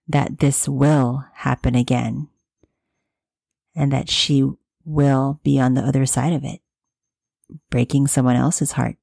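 A woman in her thirties talking candidly in a personal, reflective monologue, with soft fillers and restarts. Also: extremely low pitch, vocal fry, no echo, clean studio sound.

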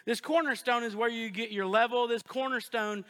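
A male pastor preaches in a very high, bright voice, joking and energetic, with frequent call-and-response asides. His voice rings with the long reverb of a church sanctuary. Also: moderate pace, clean tone. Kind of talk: sermon.

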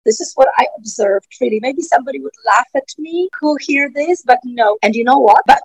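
A woman who runs a riding school, telling stories in a casual interview, animated and full of "you know" fillers. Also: sits high, fairly quick, breathy edge, no room sound, low-quality recording.

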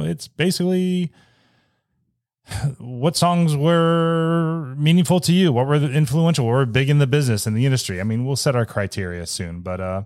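A man's voice: medium pitch, a little mellow, dry recording. Guy hosting a music podcast, easygoing, lots of ums, laughs a bunch, dry close mic. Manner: chatty, laughs often, many fillers. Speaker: podcast host. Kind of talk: casual chat.

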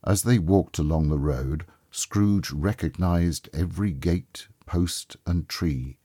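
Male storyteller, storybook narration, deep mellow voice, dry close recording. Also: husky, no echo. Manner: calm, measured and expressive.

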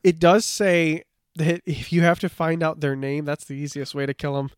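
A man with a fairly high, smooth and resonant voice talks in a loose, chatty way, reading bits from notes and leaning on filler words. The sound is close and dry. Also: normal speed, dry recording. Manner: relaxed storytelling, reads from notes, many "like" fillers. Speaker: podcast co-host. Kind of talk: casual chat.

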